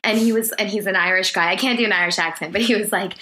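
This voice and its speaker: A woman's voice: medium pitch, fast talker, hardly any pauses, sharp tone. A woman guest comedian in casual podcast chat, giggling often and talking chattily with lots of "like". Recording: roomy echo with faint noise.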